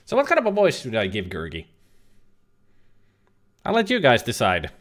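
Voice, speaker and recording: Man, game streamer, casual commentary, rambling, jokey, animated pitch. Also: moderate pace. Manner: chatty, rambling, jokey, occasional swearing. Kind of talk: casual let's-play commentary.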